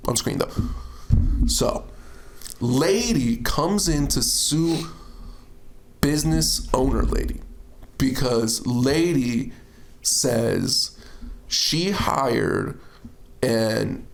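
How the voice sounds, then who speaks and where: A man hosting a podcast, telling stories in a casual, animated way and laughing often. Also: mid-range voice, drawn-out words, vocal fry, long pauses, roomy sound. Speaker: podcast host. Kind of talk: casual chat.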